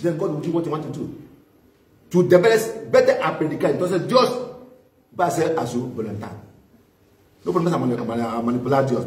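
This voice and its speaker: A man preaches a fervent sermon, mixing English and Spanish and repeating phrases for emphasis. His voice sits fairly high for a man. It carries through an echoey church hall, picked up from some distance away from the microphone. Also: darkish tone. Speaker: pastor. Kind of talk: bilingual sermon, preaching with interpretation.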